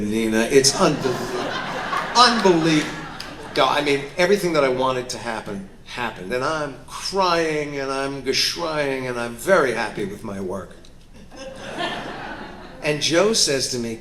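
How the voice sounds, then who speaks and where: Animated male actor telling stories. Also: medium pitch, normal speed, slight background noise. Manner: animated, acts out quotes, candid and self-mocking. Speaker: guest actor and director. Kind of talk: storytelling interview on stage. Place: festival panel stage before an audience.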